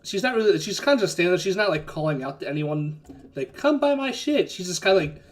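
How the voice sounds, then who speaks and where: A man's voice: high voice, quick pace. A man running a tabletop game as game master, narrating casually with lots of fillers and swearing. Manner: rambling, filler-heavy, casual cursing.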